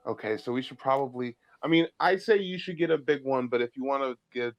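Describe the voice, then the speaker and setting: Lively, playful man player. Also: fairly quick, muffled recording. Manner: playful, giggly, jumps between pitches. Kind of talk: casual tabletop play.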